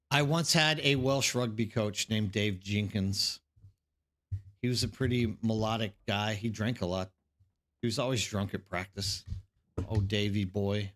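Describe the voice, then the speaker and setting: A man's voice: mid-range voice, a bit bright. A man streaming a game live, chatting casually and rambling to his viewers, calling them by name.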